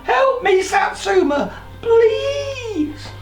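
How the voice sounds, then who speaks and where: A storyteller voicing a naughty, panicky young boy in a children's storybook reading, pleading in high squealing bursts. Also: very animated, unhurried, vocal fry, a bit bright, heavily acted. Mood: panicked. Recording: roomy echo, faint music.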